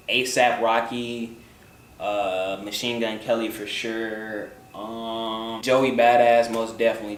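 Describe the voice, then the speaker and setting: A young man answering viewer questions in a loose, joking vlog chat, often swearing and trailing off into mumbles. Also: fairly low pitch. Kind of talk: casual chat. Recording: roomy, from a distance, faint background noise.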